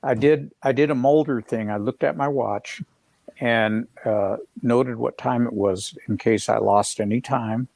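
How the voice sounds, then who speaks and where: A middle-aged man telling a story as a guest on a live video call, rambling and halting with many fillers and restarts. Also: medium pitch, steady tone, creaky, darkish tone, dry recording.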